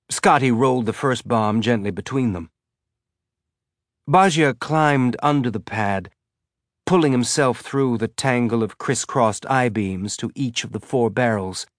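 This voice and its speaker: A man reading a story aloud in a measured, even narration. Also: mid-range voice, no echo, clean studio sound. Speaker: audiobook narrator. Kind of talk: scripted narration.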